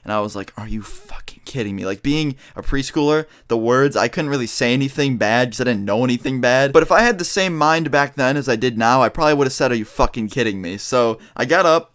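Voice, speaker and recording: Young male vlogger, rapid animated storytime delivery with lots of cursing. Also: medium pitch, smooth. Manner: fast, profane, animated storytelling. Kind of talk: storytime vlog.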